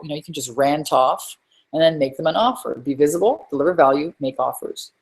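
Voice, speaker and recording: Low, husky-voiced woman coaching energetically. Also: fairly quick. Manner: energetic, rambling, emphatic. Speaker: webinar host and business coach. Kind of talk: live webinar teaching. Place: home.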